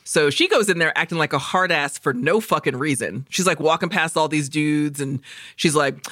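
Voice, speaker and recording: Her voice sits low and moves at a normal speed, recorded dry with clean studio sound. Co-hosting a podcast, she gives a profane, animated recap of a film, acting out characters' dialogue to get laughs.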